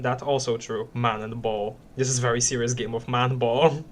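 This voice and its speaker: A man's voice: medium pitch, fairly even intonation, moderate pace, hardly any pauses, slight background noise. A man streaming a story game, reading dialogue aloud with lots of giggles and playful repeated words.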